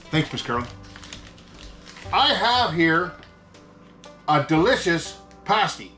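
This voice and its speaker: A man with a broad Yooper accent from Michigan's Upper Peninsula hams it up as the host of a homemade comedy food review. His voice sits a touch high, with a folksy, joking delivery, and soft guitar music plays underneath. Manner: folksy, hammy, jokey. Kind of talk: mock food-review show hosting.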